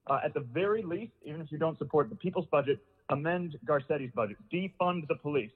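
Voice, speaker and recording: A man's voice: on the high side, fast talker, slightly rough. An out-of-breath man calling in with a public comment, insistent and frustrated. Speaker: public caller. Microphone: phone. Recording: phone line with long reverb.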